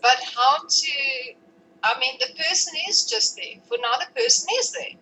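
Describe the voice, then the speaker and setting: A woman with a high, bright voice, speaking in an emotional, rambling way. She is a participant in a live group talk, and her speech is full of fillers and restarts. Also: sing-song, moderate pace, slight background noise, rough recording.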